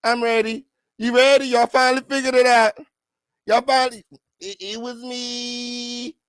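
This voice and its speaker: A man putting on the voice of an older man calmly giving himself up to arrest, in a camp, mocking sing-song. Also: very high voice, measured pace, clear, resonant tone, dry recording, pitched above the performer's own voice.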